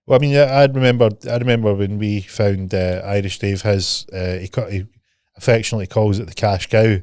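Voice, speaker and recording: Sweary, animated Scottish man. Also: lowish voice, a little fast, clear, resonant tone, no room sound, studio quality. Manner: animated storyteller, swears freely, acts out dialogue. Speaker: podcast co-host. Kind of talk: casual chat, storytelling.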